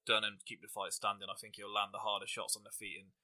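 A man's voice: on the low side, monotone, fast, sharp tone. A young English man hosting a podcast, rambling through funny anecdotes and fight picks with a casual, laughing delivery. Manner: rambling anecdotal storyteller, laughs while talking. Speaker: podcast host. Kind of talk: casual chat and fight predictions.

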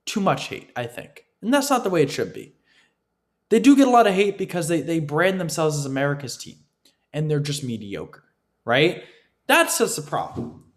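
A sports commentator gives an opinionated, repetitive football analysis monologue, often checking with listeners by asking "right?". His voice is on the high side with big pitch swings, and he speaks at a normal speed, emphatically.

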